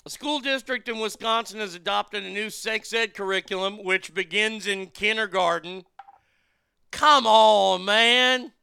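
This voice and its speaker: A man's voice: high voice, steady tone, normal speed, vocal fry, few pauses, bright, forceful tone, clear, resonant tone, dry recording. A man hosting a show, reading news aloud and mocking it with crude, profane jokes and laughter. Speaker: show host. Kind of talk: crude comedic commentary.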